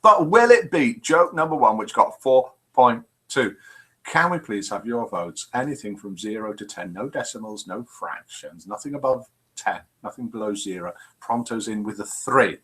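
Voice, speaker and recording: A man's voice: medium pitch, animated, moderate pace, fairly bright tone, breathy edge. An older man hosting a live web show, chatting casually and reading viewers' comments aloud with self-mocking humour.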